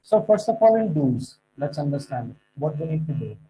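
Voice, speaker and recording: A man's voice: fairly high pitch, big pitch swings, warm tone, rough recording. Man, exam tutor, emphatic, faint background hum. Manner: emphatic, stresses key words, slows for points. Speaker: IELTS tutor. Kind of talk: teaching exam tips.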